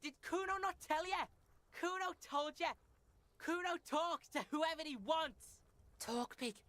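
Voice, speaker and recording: A woman's voice: very high-pitched, unhurried, fairly bright tone, no echo. Woman voicing a foul-mouthed brash street kid. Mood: brash defiant. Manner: talks about himself in the third person, swears constantly.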